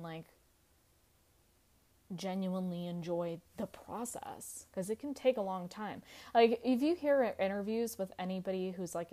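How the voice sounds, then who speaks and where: This woman's voice sits mid-range with a dark tone. Hosting a podcast, she rambles candidly and casually, leaning on "like," cursing freely, and laughing often.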